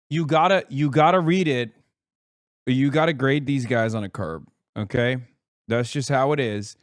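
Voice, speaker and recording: A man in his thirties doing casual political commentary on a stream, animated and sarcastic, with exasperated asides. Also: fairly high pitch, no room sound, studio quality. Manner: reads quotes aloud in a put-on accent.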